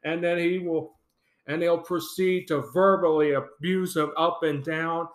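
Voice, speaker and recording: An enthusiastic, opinionated man hosts a solo fan podcast and laughs often. His voice is fairly high for a man. The sound is echoey, as if recorded in a bare room. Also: fairly even intonation, a little slow. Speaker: podcast host.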